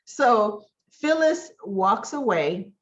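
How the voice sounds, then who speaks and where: A woman's voice: mid-range voice, sing-song, drawn-out words, highs cut off. A woman giving a casual, chatty recap of a soap opera episode, retelling the scenes by acting out the characters' lines.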